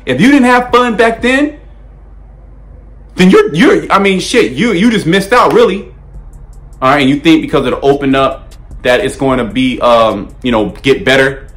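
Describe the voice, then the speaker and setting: A man's voice: on the high side, lively intonation, moderate pace, a bit bright. A man preaching a fiery, blunt sermon, repeating himself and checking in constantly with "okay?" and "all right?". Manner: emphatic, repetitive, peppered with "okay?" and "all right?"; frequent stammered restarts, blunt and profane.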